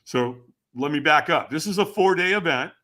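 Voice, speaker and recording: A man sits in as a podcast guest and recounts a personal story with animated energy. His voice is bright and forceful and sits a little high for a man. It swoops up and down as he acts out the voices of the people in his story. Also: normal speed. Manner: animated, acts out quoted voices with sudden shouts; asks the listener rhetorical questions.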